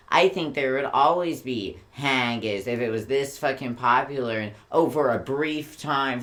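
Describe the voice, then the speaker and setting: A man co-hosts a casual book-chat podcast and rants freely, swearing often. He slips into mocking little voices to quote people he disagrees with, and his energy rises and falls as he goes. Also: mid-range voice. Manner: profane, animated ranting with mocking put-on quotes. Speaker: podcast co-host.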